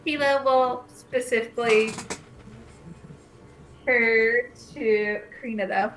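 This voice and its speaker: A woman's voice: a little high, steady tone, slow, a bit bright, a little hiss or hum. A woman playing in a tabletop game who slips into a polite, formal tone in character. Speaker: player. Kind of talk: tabletop role-play.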